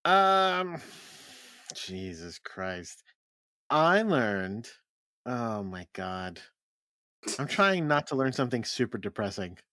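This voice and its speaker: A man from Connecticut co-hosting a podcast in casual chat, wry and animated, swearing casually. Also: mid-range voice, takes it slowly, pauses often, no echo, studio quality. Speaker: podcast co-host.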